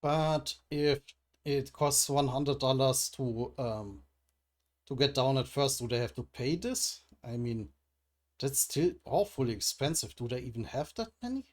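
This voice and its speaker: A man's voice: medium pitch, lively intonation, measured pace. A man reading a comic aloud and commenting as he goes, musing and hesitant, with frequent restarts. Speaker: comic readthrough host.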